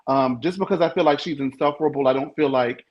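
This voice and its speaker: A sassy, opinionated man speaking as a panelist in a casual recap chat, at a middle pitch. He pads his opinions with easy fillers. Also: quick pace, dull audio.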